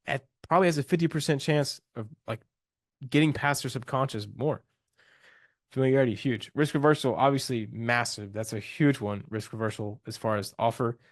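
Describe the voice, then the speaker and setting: A man's voice: mid-range voice, no room sound, studio quality. A young man coaching on a live call, loose and slangy, talking with enthusiasm and restarting his sentences.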